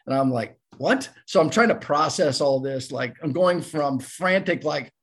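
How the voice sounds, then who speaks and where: Older man, gravelly voice, animated storyteller, podcast guest. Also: fairly high pitch, normal speed. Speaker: podcast guest, former ballplayer. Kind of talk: casual storytelling.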